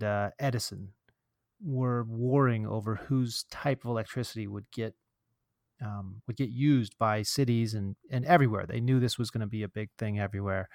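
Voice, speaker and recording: A man hosting a marketing podcast in casual chat, tossing in quick jokes and asides. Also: medium pitch, darkish tone, no room sound, clean studio sound. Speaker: podcast host.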